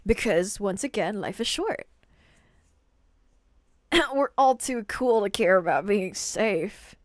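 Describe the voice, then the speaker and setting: A woman's voice: medium pitch, animated, slow pace, no room sound, clean studio sound. A woman streaming herself as she reacts to a movie, chatting casually, rambling, and often repeating words as she trails off. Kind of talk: casual live-stream commentary.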